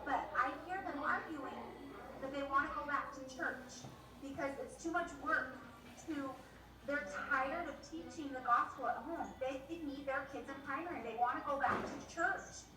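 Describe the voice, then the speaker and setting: Exasperated high-voiced mom, echoey room. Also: female voice, normal speed. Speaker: mother on a discussion panel. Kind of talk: casual panel discussion. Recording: echoey room, distant mic, noisy.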